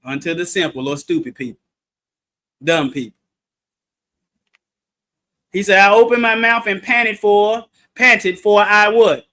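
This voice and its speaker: A man with a very high, sharp and bright voice teaches a livestreamed Bible study. He talks in a playful, animated way and quizzes his listeners. Now and then he bursts into shouted emphasis. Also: a little slow, long pauses.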